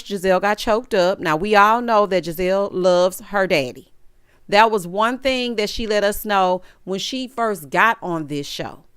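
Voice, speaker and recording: A woman's voice: mid-range voice, clean tone, no echo, clean studio sound. A woman giving a sassy, opinionated recap of a reality show in casual chat. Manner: sassy, opinionated, talks straight to the cast. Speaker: recap vlogger.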